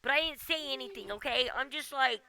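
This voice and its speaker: A woman's voice: high voice, brisk, creaky, pushed and bright. A woman game streamer ranting casually at home, exasperated and often ending with "okay?". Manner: exasperated, keeps tagging "okay?". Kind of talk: casual livestream rant.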